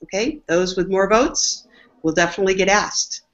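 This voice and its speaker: A marketing executive hosting a business webinar introduces the panelists in an upbeat, enthusiastic way. Her voice is mid-range at a moderate pace, and the webinar audio is dull and lo-fi.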